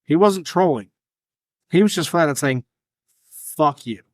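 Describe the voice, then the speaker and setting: A man's voice: a little high, animated, moderate pace, no room sound. Blunt, profane man on a dry mic. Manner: blunt, profane, jokey banter. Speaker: podcast co-host. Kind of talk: casual sports chat.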